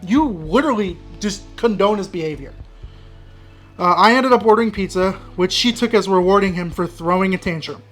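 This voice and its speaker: A man with a high, fairly bright voice speaks at a fairly quick pace over soft background music. Hosting an advice channel, he reads an online story aloud and reacts with blunt, exasperated commentary, breaking into frustrated rants.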